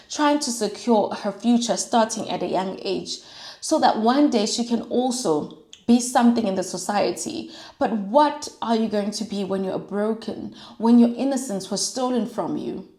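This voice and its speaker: A woman's voice: mid-range voice, normal speed, dark tone. South African woman, young adult, earnest vlogger voice, repeats lines for emphasis, roomy echo. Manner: mixes in Zulu and Sotho phrases. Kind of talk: heartfelt monologue while doing makeup.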